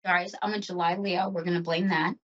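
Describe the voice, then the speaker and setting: A woman's voice: lowish voice, fairly even intonation, fairly quick, lo-fi sound. A woman hosting a psychic show, giving an emotional and chatty tarot reading.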